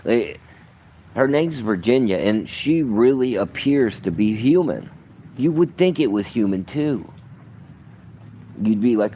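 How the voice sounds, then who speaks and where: Low-voiced man ranting profanely. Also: expressive, takes it slowly, pauses often, mellow, a little hiss or hum. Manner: profane, rambling, swings between muttering and outbursts. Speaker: vlogger. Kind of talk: rambling vlog monologue.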